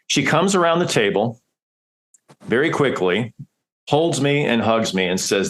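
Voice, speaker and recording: A middle-aged man from Nebraska tells a personal story as a podcast guest. His voice sits a little low. He speaks candidly and with feeling, and he often stumbles and restarts his sentences. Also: normal speed, a bit bright. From Nebraska, United States.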